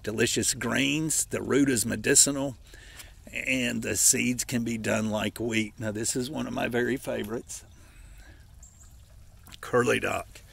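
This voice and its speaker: A man's voice: mid-range voice, steady tone, unhurried, creaky, a bit bright, husky. A man, slightly out of breath and stuffy-nosed, giving a folksy, rambling walk-through of wild plants outdoors in a yard. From Appalachia, United States. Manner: folksy, rambling, corrects himself. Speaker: forager showing wild edibles. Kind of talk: casual walking vlog.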